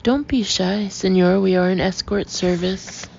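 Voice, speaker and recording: A woman's voice: mid-range voice, unhurried, gravelly, darkish tone. A woman reading a gushing, pushy salesman who runs an escort agency. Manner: gushing, persuasive sales patter. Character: smooth-talking male escort-agency owner, pushy salesman. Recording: dull lo-fi audio with faint hiss.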